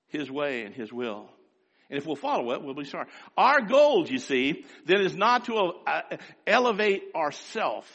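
A man preaching a sermon in a scratchy voice, swinging from quiet asides to loud, rising exhortation. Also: a little high, long reverb tail.

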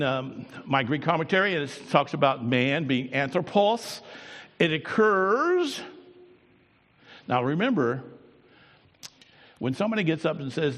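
A man preaching a sermon, swinging between quiet, drawn-out lines and loud, raised bursts. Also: on the high side. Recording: long hall reverb.

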